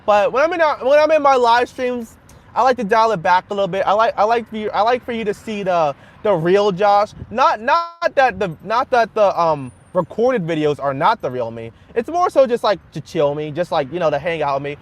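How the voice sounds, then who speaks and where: A man's voice: high voice, lively intonation, a little fast. A man live-streaming from his car as he drives, chatting casually in a rambling way and laughing often. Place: in a car while driving.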